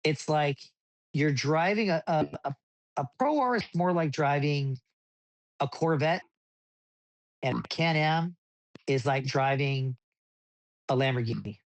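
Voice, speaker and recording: A man telling racing stories in a casual interview, rambling with many restarts and getting animated as he recounts events. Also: a little high, slow, long pauses, dry recording. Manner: rambling with frequent restarts, animated when retelling. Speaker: desert racing driver, podcast guest.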